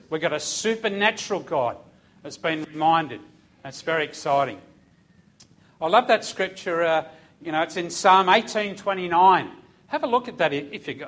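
Middle-aged guy preaching, high voice, chuckles through his story. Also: a bit bright. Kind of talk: sermon with a personal story.

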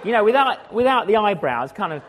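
Male evangelist, swooping animated delivery, story-driven sermon, acts out each exchange. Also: sits high, a little fast, noisy background. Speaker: evangelist preacher.

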